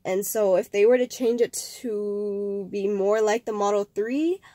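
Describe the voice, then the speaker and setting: On a dry recording, a young woman hosts a casual vlog, speaking to camera in a mid-range, mellow voice at a measured pace. Her talk is chatty and rambling, with fillers and restarts, and a slight nasal quality lingers from a cold she's getting over.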